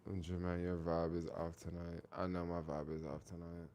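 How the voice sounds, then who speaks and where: Young male streamer, low and gravelly, loose rambling delivery, answers chat as he talks. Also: completely flat delivery, normal speed, darkish tone. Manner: rambling, heavy use of "like", reads and answers viewer comments. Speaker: live streamer. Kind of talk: casual live stream chat.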